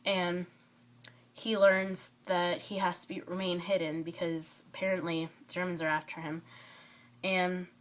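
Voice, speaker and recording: A woman with a cold reviews a book in a casual vlog, her voice a bit low for a woman and congested. She rambles excitedly, fills pauses with ums and keeps wandering off topic. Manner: rambling and excitable, many fillers, drifts off topic. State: stuffy from a cold.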